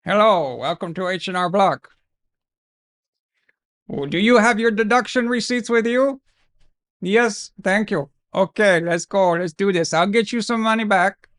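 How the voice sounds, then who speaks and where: A man's voice: sits high, slow, hardly any pauses, a bit bright. A man voicing a fussy, overly polite male tax preparer with a put-on foreign accent and eager customer-service patter. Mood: chirpy.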